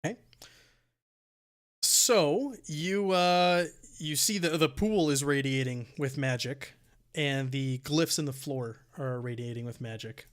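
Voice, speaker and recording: A man running a tabletop game as dungeon master, describing scenes in a halting way with many fillers. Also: mid-range voice, clean tone. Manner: halting, restarting narration with fillers.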